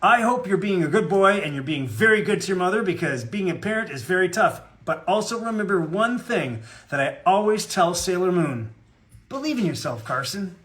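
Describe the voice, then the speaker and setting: A dashing masked cartoon hero, as a man puts him on, gallant and fatherly as he gives a child a pep talk. The voice sits a touch higher than usual and comes out firm and clear. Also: expressive, normal speed, fairly bright tone. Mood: encouraging. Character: suave heroic masked gentleman, encouraging.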